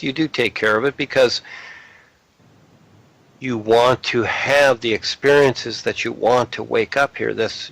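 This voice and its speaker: A man's voice: medium pitch, creaky, fairly bright tone, rough recording. A man giving a blunt, lecturing talk on spiritual matters. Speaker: spiritual speaker.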